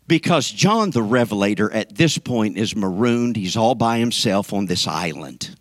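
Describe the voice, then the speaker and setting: A man preaching a sermon with fervor, swinging from shouted calls to the congregation down to near whispers. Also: fairly low pitch, animated, moderate pace, no echo. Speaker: pastor.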